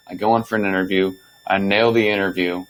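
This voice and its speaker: A young man talks straight through a story on his own podcast, loose and unscripted. His voice sits a little low, and he swears freely as he acts out the lines he once spoke. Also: flat delivery, a little fast, a bit bright, low-quality recording. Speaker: podcast host. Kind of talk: casual storytelling monologue.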